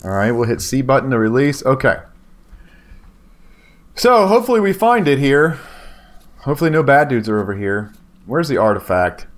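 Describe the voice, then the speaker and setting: A man giving casual, excitable commentary on his gameplay, talking to viewers and yelping when danger shows up. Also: mid-range voice, normal speed, long pauses. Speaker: gaming YouTuber.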